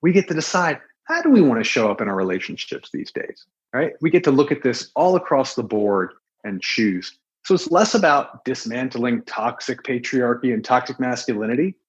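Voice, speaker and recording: A man's voice: medium pitch, very animated, moderate pace, slightly rough, lo-fi sound. A man in his late thirties, a podcast guest, speaking in an earnest, thoughtful way. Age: 30s. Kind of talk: reflective interview talk.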